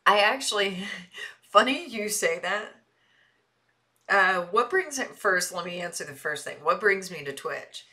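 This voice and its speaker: A woman's voice: mid-range voice, lively intonation, unhurried, sharp tone. A woman from the Midwest with a Midwestern accent and a light Texas Southern twang, chatting casually and animatedly with her live-stream audience and laughing easily. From American Midwest. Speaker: streamer answering chat.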